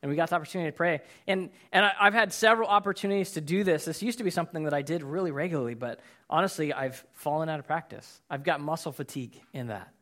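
A pastor with a fairly high, a bit bright voice preaches a casual, conversational sermon at a quick pace with few pauses. He tells personal stories earnestly, with many fillers and repeated words.

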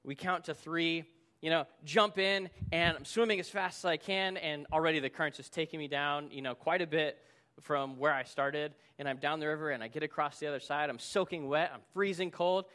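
Bright-voiced man pastor telling a story. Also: a little high, fairly quick. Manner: storytelling, animated, acts out shouting in the story. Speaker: lead pastor. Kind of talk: sermon with personal story.

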